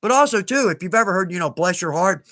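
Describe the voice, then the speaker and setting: A man's voice: sits high, animated, quick pace, a bit bright, no echo. A man with a Southern US accent hosting a live stream, chatting casually and rambling a little as he answers viewer questions with self-deprecating asides.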